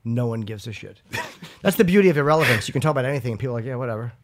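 A man's voice: medium pitch, expressive, racing. A man who is a comedian guest on a talk show, making dry, self-mocking wisecracks. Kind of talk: casual studio banter.

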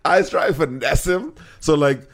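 A man's voice: fairly high pitch, normal speed. A man co-hosting a podcast, joking and laughing loosely with his friend. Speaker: podcast co-host. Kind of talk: casual chat.

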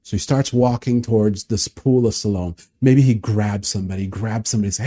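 A pastor with a fairly low voice speaks fairly quickly and hardly pauses. He animatedly retells a sermon story, vividly drawing listeners into imagining the scene.

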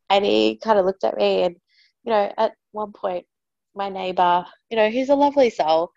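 A woman, telling a story in animated, exasperated casual talk. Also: a little fast, no room sound. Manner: animated, exasperated, mimics others in raised pitch. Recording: slightly dull, dry recording.

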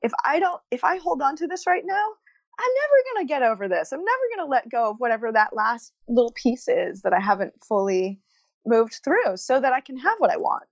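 A woman comedian, a podcast guest, telling a personal story in a lively, laughing manner. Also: fairly high pitch, brisk, no echo, lo-fi sound. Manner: animated storytelling, laughing through tears. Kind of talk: casual podcast conversation.

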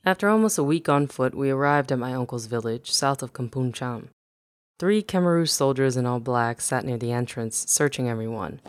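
A man narrating a first-person memoir in an even, measured reading voice. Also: mid-range voice, smooth, dry recording.

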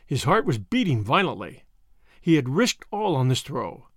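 A man reading a novel aloud as narrator, with expressive storytelling on a close studio mic. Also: medium pitch, moderate pace, dry recording. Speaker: audiobook narrator. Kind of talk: scripted narration.

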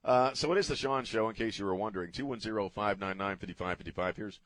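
Ranting sarcastically into a studio broadcast mic, this middle-aged talk radio host from the United States swears casually through his opinionated monologue. He talks fast in a fairly low, fairly bright voice, and there's no echo.

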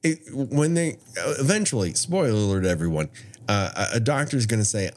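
A low-pitched man chats casually as a podcast co-host, recapping a horror movie scene by scene. His voice swings widely in pitch, rising and dropping as he jokes. He laughs often between lines. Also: moderate pace. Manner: animated, laughs often, plot-summarizing.

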